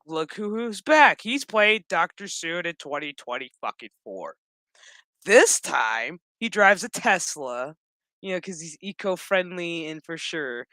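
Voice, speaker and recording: Woman, 30s, forceful voice, profane animated rant, casual episode recap. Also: medium pitch, dry recording. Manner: ranting, heavy swearing, animated.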